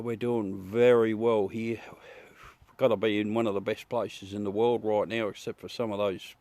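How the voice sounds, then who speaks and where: A man's voice: lowish voice, darkish tone, dry recording. An Australian man hosting a livestream, chatting casually with viewers in a rambling, easygoing way, laughing at his own jokes. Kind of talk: casual live chat. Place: at home beside a telescope.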